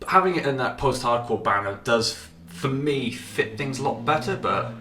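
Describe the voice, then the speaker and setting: A man's voice: medium pitch, expressive, normal speed, bright, forceful tone, echoey room, recorded from a distance. Rambling, sweary man with a runny nose. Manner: rambling, sweary, many fillers and restarts. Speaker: podcast host reviewing music. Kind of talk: casual music review monologue.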